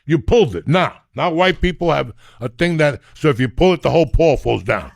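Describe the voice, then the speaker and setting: A middle-aged man, telling crude comic stories in a loud, profane, animated way. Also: on the high side, a little fast, gravelly, dry recording, clean studio sound. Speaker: comedian and podcast host.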